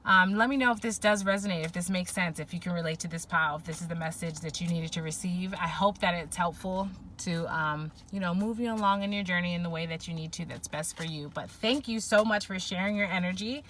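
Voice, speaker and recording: Bright-voiced, rambling woman tarot reader. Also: fairly low pitch, brisk, hardly any pauses, slight background noise. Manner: rambling, emotional, thinking aloud with many fillers. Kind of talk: spiritual pick-a-pile reading.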